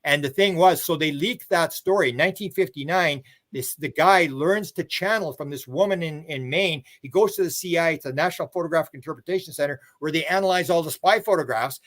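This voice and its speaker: A man's voice: fairly quick, a bit bright. A man being interviewed on a live stream, telling long stories and acting out quoted dialogue. He chuckles now and then and restarts his sentences often. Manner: rambling, many restarts and repeated words; acts out quoted dialogue with a livelier pitch. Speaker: interview guest, author. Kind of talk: casual storytelling on a live stream.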